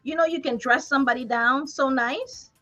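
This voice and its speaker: A woman's voice: high voice, normal speed, pushed and bright, dull audio. A woman hosting a motivational talk, emphatic and preacher-like, laughing often. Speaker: host.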